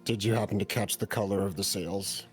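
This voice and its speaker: A man playing a tabletop game, making wry, deadpan remarks. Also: fairly low pitch, fairly quick, soft background music. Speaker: player.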